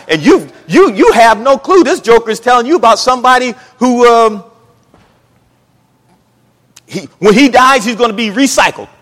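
A man from the United States preaching a sermon, emphatic, swinging between loud and hushed. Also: very high-pitched. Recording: reverberant hall.

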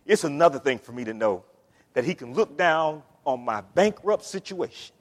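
A man preaching a sermon as pastor, swinging between hushed, near-tearful passages and loud shouted climaxes. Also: fairly high pitch, animated, moderate pace. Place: church sanctuary. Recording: long hall reverb.

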